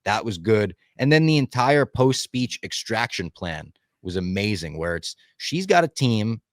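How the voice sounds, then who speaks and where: A man's voice: on the low side, big pitch swings, a little slow, no echo, clean studio sound. A man in casual podcast chat, talking with enthusiasm, swearing freely and acting out lines he quotes. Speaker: podcast co-host.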